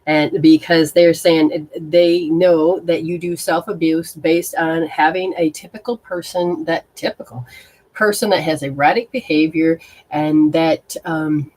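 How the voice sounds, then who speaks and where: Blunt, low-pitched woman streaming live. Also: steady tone, measured pace, a little mellow. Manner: blunt and exclamatory, swearing, reacting aloud to sensations. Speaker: spiritual reader hosting a live stream. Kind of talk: casual live-stream talk with viewers.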